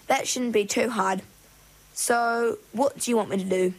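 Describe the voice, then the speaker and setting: A woman's voice: a little high, fairly even intonation, measured pace, rough recording. A woman voicing a reluctant young mergirl in a storybook reading, with a grumbling manner.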